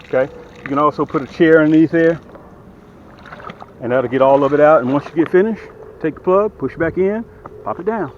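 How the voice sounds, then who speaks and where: A man's voice: fairly high pitch, brisk, lo-fi sound, slight background noise. Folksy middle-aged man demonstrating outdoors. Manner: folksy, talks straight to viewers while working. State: out of breath from lifting. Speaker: boat dealer demonstrating a boat. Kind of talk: casual how-to demonstration. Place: outdoors by the water.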